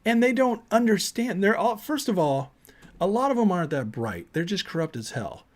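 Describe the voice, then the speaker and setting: A man's voice: high-pitched, sing-song, normal speed. A man hosting a political commentary show, ranting emphatically and indignantly, often repeating words.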